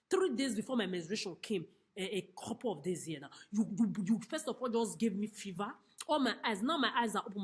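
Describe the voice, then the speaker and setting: A woman delivering an angry, accusatory monologue to camera from a chair in a homeless shelter, cursing and repeating herself. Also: on the high side. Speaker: vlogger. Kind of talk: angry direct-to-camera rant.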